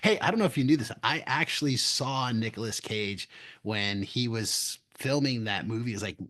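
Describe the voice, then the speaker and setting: A man's voice: medium pitch, moderate pace, a bit bright. A middle-aged man co-hosting a trading podcast, telling rambling anecdotes in casual chat with frequent restarts and chuckles. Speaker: podcast co-host.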